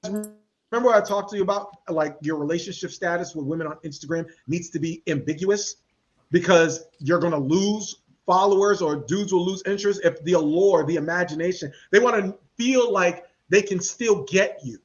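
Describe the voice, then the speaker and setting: A man hosting a podcast, talking in a casual, animated and slangy way and acting out the people he quotes. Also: high-pitched, normal speed, dull audio. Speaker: podcast host. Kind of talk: casual commentary chat.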